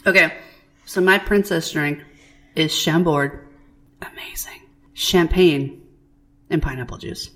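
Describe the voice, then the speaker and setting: A woman co-hosting a podcast, chatting casually and telling stories in an animated, profane way. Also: low-pitched, takes it slowly, pauses often. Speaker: podcast co-host. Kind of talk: casual chat.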